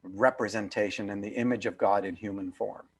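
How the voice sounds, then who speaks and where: A man's voice: on the low side, fairly even intonation, a little fast, slight background noise. A man over fifty, an author being interviewed, talking in an earnest, emphatic way and repeating phrases for weight. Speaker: author and guest. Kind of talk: reflective interview talk. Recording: video call.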